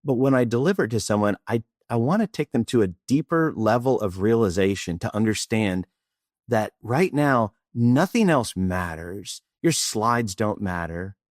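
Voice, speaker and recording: A man's voice: fairly low pitch, normal speed, no room sound, studio quality. A middle-aged man from Austin, Texas, a presentation coach telling a story in an interview and acting out bits of dialogue. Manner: animated, acts out dialogue.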